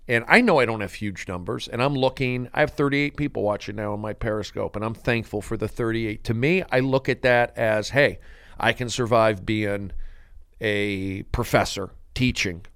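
A man's voice: medium pitch, a bit bright, clean tone, no echo, clean studio sound. Man, comedian, podcast host, comedic monologue, rambling, mock-grandiose.

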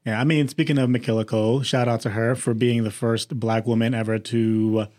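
A man co-hosting a casual chat show, easygoing and low-key. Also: flat delivery, normal speed, a little mellow. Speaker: podcast co-host.

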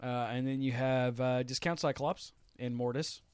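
A man's voice: mid-range voice, fairly even intonation, normal speed, a little mellow, smooth, no echo. A man hosting a casual podcast, reviewing a TV show with laughter and exasperated, swearing rants. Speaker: podcast host.

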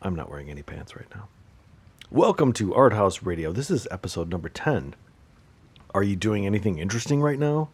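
A man with a deep, husky voice hosts a solo podcast. He rambles through sarcastic, joking rants and now and then bursts out loudly. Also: big pitch swings, brisk. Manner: sarcastic, joking rants with sudden loud outbursts. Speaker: podcast host.

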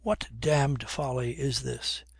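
A man's voice: mid-range voice, fairly even intonation, slow pace, vocal fry, breathy edge, no echo, studio quality, exaggerated voice. A man voicing a blustering, scolding older army colonel in a storybook reading. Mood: angry.

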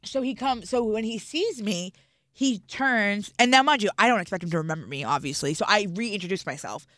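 A young woman hosting a radio show, telling a story in animated casual banter with laughter and profanity. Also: medium pitch, brisk, no room sound, clean studio sound.

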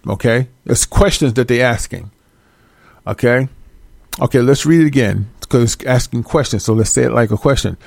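A male preacher who talks straight at his listeners in a blunt, profane and scolding way. His pitch sits mid-range and the sound is close and dry. He leans on repeated words for emphasis. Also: normal speed, creaky, a little mellow, no echo. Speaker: religious teacher. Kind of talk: street-style preaching with scripture reading.

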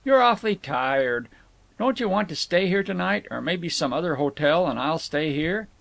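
Meek young guy, folksy and polite, a bit higher than the reader and gravelly, as a narrator does him. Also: lively intonation, moderate pace, a bit bright, dry recording. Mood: placating. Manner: folksy, says "ain't", mild and placating. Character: meek, plain-spoken young American man.

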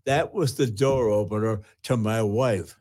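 A man's voice: fairly low pitch, darkish tone. Older man telling his testimony. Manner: earnest, with halting restarts. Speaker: retired pastor. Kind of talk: personal testimony storytelling.

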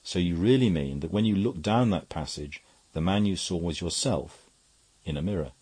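A man voicing a steady, measured judge addressing a witness. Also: low-pitched, breathy edge. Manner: level, measured. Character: steady attentive older male judge.

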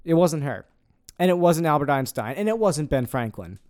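A man's voice: a little high, big pitch swings, moderate pace, a little mellow. A young man hosting a casual podcast, sarcastic and rambling, swearing freely as he debunks quotes. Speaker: podcast host.

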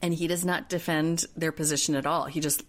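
A woman co-hosting a podcast, casually recapping a reality show in animated retellings and quoting people in put-on voices. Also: low-pitched, fairly quick. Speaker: podcast co-host.

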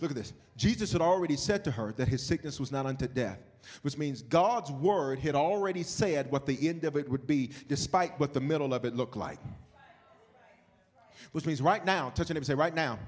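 Male pastor, sermon delivery, high voice, shouts then drops to a hush. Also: expressive, brisk, husky. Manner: swings from shouted preaching to low hushed storytelling.

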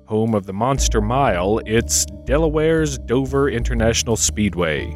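A playful man reads out trivia questions and trades jokes with his co-host. His delivery is animated, and his pitch swings widely from line to line. Faint music sits low behind him. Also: moderate pace, hardly any pauses. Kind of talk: reading trivia questions and casual banter.

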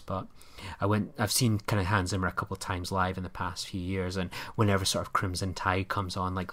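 A Scottish man with a lowish voice chats keenly about films on a podcast. He is enthusiastic but hedges with fillers, keeping an easy, casual flow. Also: a bit bright. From Scotland. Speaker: podcast co-host. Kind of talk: casual film chat.

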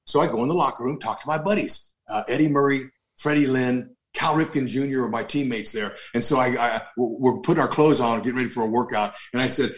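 A man giving a personal testimony, telling his story in an animated way with frequent repeats and restarts. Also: mid-range voice, quick pace, few pauses. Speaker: speaker giving a faith testimony.

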